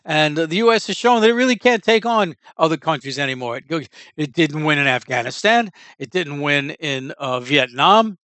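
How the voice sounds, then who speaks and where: A man's voice: on the high side, expressive, moderate pace, bright, forceful tone, clean tone, no room sound. A man giving a casual, rambling opinion monologue as a commentator, blunt and prone to digressions.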